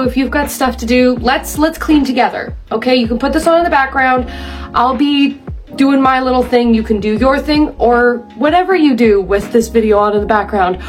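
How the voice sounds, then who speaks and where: A young Canadian woman chatting casually to camera as she tidies her home craft room, rambling and self-deprecating. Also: high voice. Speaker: vlogger. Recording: clear music bed under voice.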